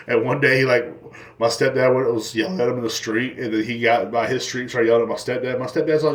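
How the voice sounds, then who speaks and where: Man, young adult, podcast host, rambling, crude, profane storytelling, average pitch. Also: steady tone, quick pace. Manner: crude, rambling, laughs at his own stories, shouts when quoting others.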